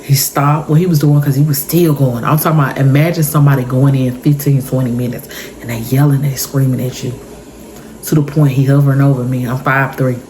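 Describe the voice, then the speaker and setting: A woman's voice: very deep voice, fairly even intonation, brisk, a little mellow, a little hiss or hum, low-quality recording. A woman in her thirties, telling an intense personal story for her vlog in an emotional, repetitive way. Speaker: vlogger. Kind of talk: story time monologue.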